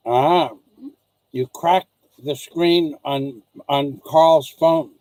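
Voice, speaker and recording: A man from the United States with a fairly high voice hosts a loose, chatty vlog. He circles back and restarts his sentences, slipping into little acted-out exchanges. The sound is dry and close. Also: fairly even intonation, extremely slow, darkish tone, no echo, low-quality recording. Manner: repetitive, restarts sentences, acts out dialogue. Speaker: vlog host. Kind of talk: casual rambling rant to viewers and wife.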